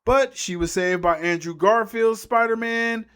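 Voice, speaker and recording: Dude doing a chill movie breakdown vid, kinda high voice, rambly and slangy. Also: male voice, unhurried, fairly bright tone, clear, resonant tone. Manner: rambling and slangy, trailing off mid-thought. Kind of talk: casual movie recap commentary.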